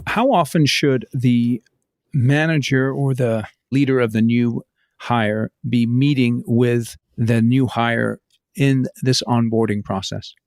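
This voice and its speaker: A man hosting a podcast interview, asking measured, deliberate questions. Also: medium pitch, steady tone, darkish tone, dry recording, faint music behind. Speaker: podcast host.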